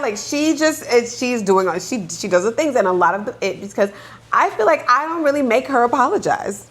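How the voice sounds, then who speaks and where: A woman co-hosting a podcast, a mother of two young daughters, telling parenting stories in a casual, animated way with lots of "like". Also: on the high side, fairly quick. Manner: animated storyteller, heavy use of "like". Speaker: podcast co-host.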